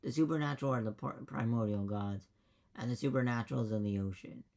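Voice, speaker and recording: Man, gravelly, dungeon master, rambling and emphatic, swears freely. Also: medium pitch, a little fast, darkish tone. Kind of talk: casual post-game chat.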